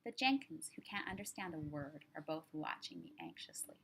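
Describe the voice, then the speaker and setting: A woman author reading her own crime story aloud in measured, low-key narration. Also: wildly swooping pitch, vocal fry, fairly bright tone, a little hiss or hum.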